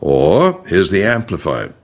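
Animated deep-voiced man teaching Bible study. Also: unhurried. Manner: reads verses aloud with punctuation, animated emphasis.

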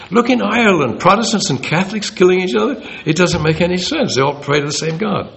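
A man giving an informal Bible talk, conversational and animated, acting out the quoted speech. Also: mid-range voice, vocal fry, slight background noise. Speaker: Bible teacher.

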